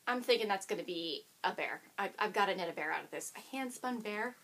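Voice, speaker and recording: A woman's voice: mid-range voice, animated, a little fast, fairly bright tone, a little hiss or hum. A woman hosting a knitting video podcast, chatting casually and bubbly to the camera and talking to her dog now and then.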